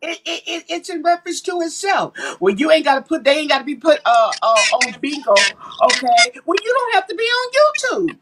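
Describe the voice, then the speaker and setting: A woman's voice: high-pitched, big pitch swings, brisk, a bit bright, poor audio. A woman, talking animatedly and emphatically on a casual livestream. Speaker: livestream co-host.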